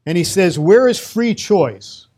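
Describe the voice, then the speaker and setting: This Torah teacher is a middle-aged man from Brooklyn whose New York accent colors an emphatic, conversational lecture on Torah sprinkled with Hebrew words. He talks slowly in an animated, high-sitting voice with a darkish tone.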